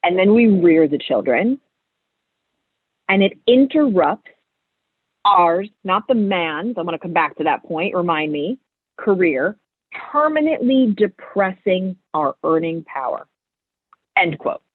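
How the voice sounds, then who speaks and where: A woman's voice: lowish voice, a little slow, pauses often, husky, no room sound. Candid woman guest over a tinny line. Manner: candid, animated storytelling. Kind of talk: casual interview chat. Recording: tinny phone-like line, dry.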